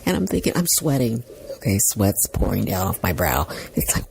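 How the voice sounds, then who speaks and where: A middle-aged woman telling a personal story as a podcast host, animated and self-mocking, laughing as she talks and acting out what people said. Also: a bass voice, normal speed, creaky, music in the background. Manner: animated, self-mocking, laughs while talking, acts out quotes. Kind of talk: casual storytelling monologue.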